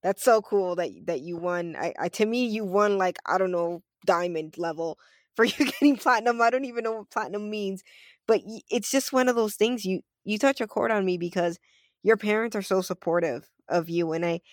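A woman's voice: medium pitch, a little fast, no echo, clean studio sound. A woman podcast guest chatting casually, emphatic and encouraging, swearing freely. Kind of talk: casual chat.

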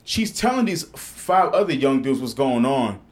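A man's voice: mid-range voice, moderate pace. A man hosting a podcast in a studio, telling a story in casual chat with lots of swearing. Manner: animated storytelling, heavy swearing. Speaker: podcast host.

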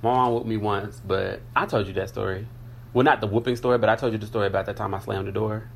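A man's voice: lowish voice, fairly even intonation, fast, creaky, a little hiss or hum. A man co-hosting a podcast, teasing his co-host and telling stories in casual chat. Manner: teasing, storytelling.

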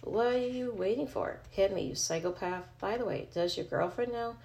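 Woman reading as an aggressive teen bully who taunts, gravelly. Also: medium pitch, moderate pace, darkish tone, slight background noise, lightly acted. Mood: taunting. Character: aggressive young male bully.

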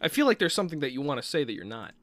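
A man's voice: fairly high pitch, very animated, very fast. A man co-hosting a casual podcast, rambling with many restarts and casual swearing. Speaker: podcast co-host. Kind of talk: casual chat.

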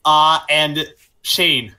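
Male podcast host, bright and slightly high, animated, laughs a lot. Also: extremely slow. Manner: animated, laughs often, swears. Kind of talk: casual podcast chat.

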